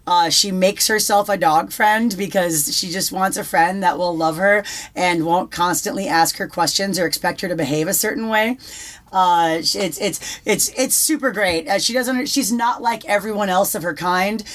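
A woman's voice: mid-range voice, moderate pace. A young woman co-hosting a casual talk show, swearing freely and restarting her sentences. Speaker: podcast co-host. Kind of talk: casual chat.

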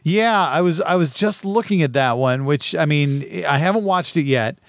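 A man's voice: a little high, lively intonation, normal speed, no room sound. A man hosting a casual podcast, upbeat and chatty, with restarts and fillers. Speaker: podcast host.

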